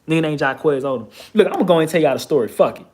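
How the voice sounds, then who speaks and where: A slightly high-pitched man, spinning a story from his neighborhood. He talks casually and profanely and punches key points with emphasis. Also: expressive, racing, darkish tone. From Texas, USA. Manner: emphatic, profane, streetwise retelling with rising bursts of emphasis. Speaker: vlogger.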